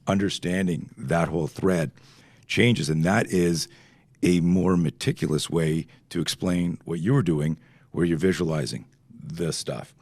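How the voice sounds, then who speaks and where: Very deep, husky-voiced man from Canada. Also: a little slow, no room sound. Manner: animated, swears, acts out quoted dialogue. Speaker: guest, self-defense instructor. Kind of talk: podcast interview storytelling.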